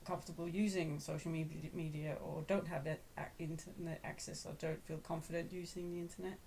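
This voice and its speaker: A chatty woman with a low, gravelly voice talks casually in a home vlog, drifting off mid-sentence and laughing easily. A faint hiss sits under the recording. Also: flat delivery, a little fast, mellow. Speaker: vlog co-host. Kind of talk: casual chat.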